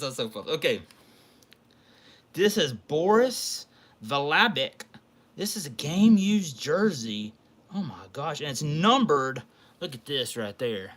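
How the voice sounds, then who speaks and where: A man hosting a casual collectibles livestream, gushing excitedly as he opens a package. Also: fairly high pitch, moderate pace. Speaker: card collecting livestream host. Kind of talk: casual livestream chat while opening a package.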